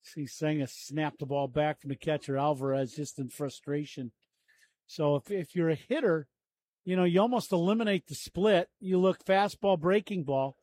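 A man gives easygoing baseball color commentary from the booth. His voice is somewhat higher than most men's. He talks casually as he breaks down each pitch for the listener. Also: moderate pace, no echo. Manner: relaxed, chatty, breaks down pitches.

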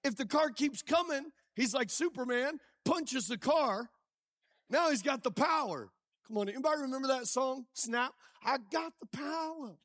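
A male pastor preaching a sermon with lively call-and-response, quizzing the congregation as he goes. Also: extremely high pitch, moderate pace, dry recording, clean studio sound. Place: church.

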